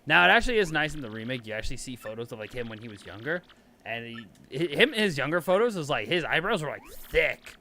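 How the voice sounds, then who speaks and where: A man's voice: medium pitch, very animated, quick pace, bright, forceful tone, slight background noise. A man streaming a game, giving casual gameplay commentary in a chatty, rambling way and talking to his chat.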